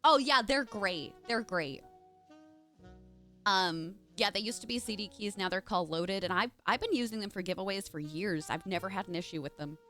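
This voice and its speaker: A woman's voice: mid-range voice, moderate pace, bright, forceful tone, soft background music. A young adult woman streaming live, chatting casually and greeting viewers by name in a bubbly way.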